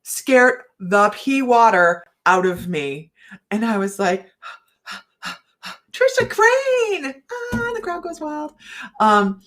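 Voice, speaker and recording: A woman's voice: mid-range voice, very animated, takes it slowly, a bit bright. Chatty laughing woman host. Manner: rambling storyteller, laughs often. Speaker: psychic and certified hypnotist. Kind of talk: casual livestream chat.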